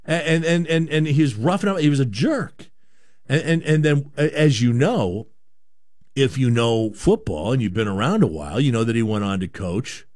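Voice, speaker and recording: A man's voice: mid-range voice, darkish tone, no room sound, clean studio sound. A man born in Canada hosting a sports talk show, giving a rambling, opinionated monologue with lots of repeated words.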